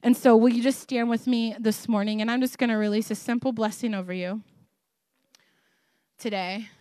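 A woman giving a sermon and prayer, speaking slowly and softly and repeating her phrases. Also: on the high side, fairly even intonation, clear, resonant tone, no room sound. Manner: slow, soft prayerful delivery with repeated phrases.

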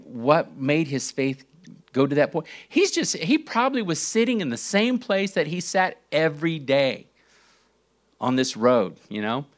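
A male preacher teaching from the Bible at a slow, unhurried pace. His delivery is deliberate, dropping low and quiet, then rising sharply for emphasis. Rhetorical questions break up the verse readings. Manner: slow and deliberate, with dramatic swings in pitch and volume; reads scripture verses aloud and asks rhetorical questions. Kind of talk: sermon teaching.

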